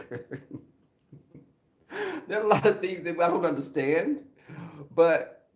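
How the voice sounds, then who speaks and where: A man telling comic stories as a podcast guest, laughing often and acting out voices. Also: mid-range voice. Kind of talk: comic storytelling. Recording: roomy echo.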